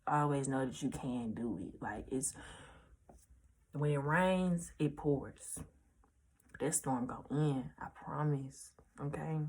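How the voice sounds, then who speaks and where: Earnest young woman, low husky voice. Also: slow pace, a little mellow. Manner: earnest, repeats reassurances directly to viewers; casual slangy speech. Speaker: vlogger. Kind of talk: heartfelt storytime vlog.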